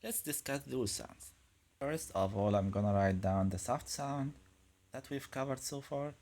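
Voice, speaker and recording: A man's voice: mid-range voice, measured pace, darkish tone. A man teaching a language lesson, patiently drilling pronunciation and repeating sounds one by one. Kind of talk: slow, deliberate pronunciation lesson.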